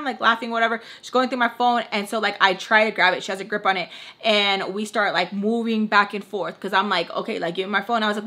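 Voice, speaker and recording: A woman's voice: fairly high pitch, steady tone, brisk, sharp tone. A young woman vlogger casually retelling a story, acting out the quotes and slipping into Spanish now and then. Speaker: beauty vlogger telling a story.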